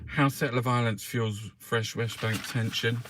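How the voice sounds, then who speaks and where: A man's voice: mid-range voice, fairly even intonation, unhurried. A man hosting a casual live newspaper review, swearing often and chatting to his viewers with jokey asides. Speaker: livestream host reviewing newspapers. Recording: faint background noise.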